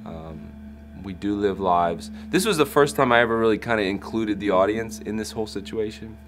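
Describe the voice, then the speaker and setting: Backstage at a concert, a Christian hip hop artist in his thirties tells a personal story in an interview, animatedly acting out what people said. His voice is lowish with a moderate pace, heard over music.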